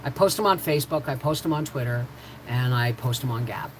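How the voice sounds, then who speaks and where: Speaking briskly in an extremely low voice, a middle-aged woman hosts a homestead livestream, telling meandering stories that shift subjects and come back around. She talks right to her viewers and restarts often. Poor audio with slight background noise.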